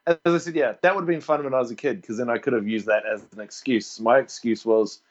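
A man's voice: medium pitch, fast, muffled recording. A man with a New Zealand accent, a podcast guest telling playful stories and laughing often. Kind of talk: casual podcast chat.

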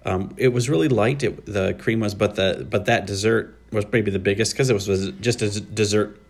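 A man co-hosting a podcast, chatting casually in a halting, rambling way with many restarts. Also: lowish voice, steady tone. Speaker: podcast co-host. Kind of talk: casual chat.

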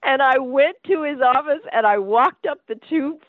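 A fairly high-voiced woman tells her story with energy, slipping into the voices of the people she quotes. Her sound is thin and phone-like, and dry with no room around it. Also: unhurried, dry recording. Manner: acts out quoted voices, frequent laughter, lively restarts. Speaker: actress telling her career story as a guest. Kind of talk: animated anecdotal storytelling.

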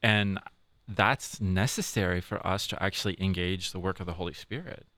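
A man's voice: sits low, normal speed, pushed and bright, no echo. A man, a priest who forms seminarians, chatting casually in a podcast and often laughing and asking "you know?".

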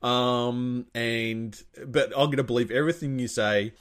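A man's voice: mid-range voice, measured pace, clear, resonant tone. Chatty man recapping a film. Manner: rambling, animated retelling with acted-out quotes. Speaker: podcast co-host recapping a film. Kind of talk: casual chat.

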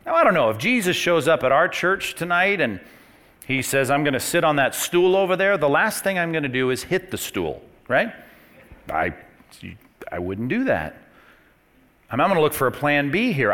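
A middle-aged man preaching from the pulpit with a lively, swinging pitch that dips low and soft before rising to emphatic high points. His tone stays conversational, like a pastor talking straight to his congregation. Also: moderate pace. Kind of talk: sermon. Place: church.

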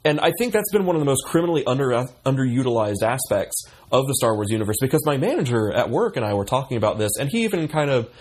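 A man's voice: medium pitch, very animated, fast talker, few pauses, darkish tone, a little hiss or hum. A man co-hosting a podcast in casual chat, rambling with many fillers and restarts. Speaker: podcast co-host.

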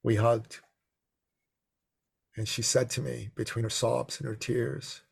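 A middle-aged man telling an expressive, animated story as a podcast guest. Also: takes it slowly, gravelly, long pauses, husky. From Persian heritage. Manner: expressive, swings to high excited pitch in quotes. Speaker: podcast guest, business coach.

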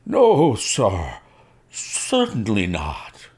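A man voicing a frightened, stubborn male college servant in a strained, high, pleading voice. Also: big pitch swings, normal speed, vocal fry, warm tone, husky, full character voice.

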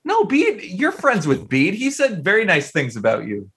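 Bright-voiced man joking around. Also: high-pitched, huge pitch swings, moderate pace. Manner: joking, banters and teases. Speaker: podcast co-host. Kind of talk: casual chat.

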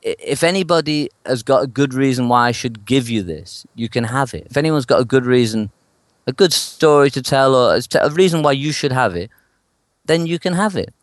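A man with a mid-range voice tells a story from his street shows in a lively way, acting out each person he quotes. The recording is close and dry, with no room sound. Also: medium pitch, brisk, dry recording. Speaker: street performer guest. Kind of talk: anecdote told in an interview.

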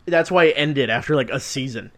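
A man's voice: medium pitch, fairly quick, fairly bright tone. A man co-hosting a casual chat about movie news, swearing a lot and ranting. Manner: profane, ranting, mocking voices. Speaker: podcast co-host.

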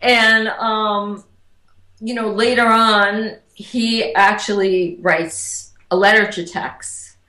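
A woman, an interview guest, telling personal stories in a casual, animated way and acting out the voices of the people she quotes. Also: medium pitch, slow. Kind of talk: casual storytelling. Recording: echoey room.

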